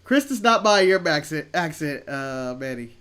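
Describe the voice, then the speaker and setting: A man's voice: on the high side, sing-song, moderate pace, a bit bright. A man co-hosting a casual chat show, laid-back and opinionated, rambling through his takes. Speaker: co-host.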